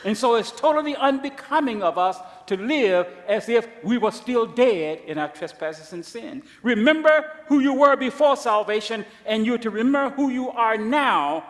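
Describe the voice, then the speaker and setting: A man preaching a sermon, emphatic, swinging between loud declarations and quiet asides. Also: high-pitched, animated, normal speed, hardly any pauses, reverberant, big-room sound.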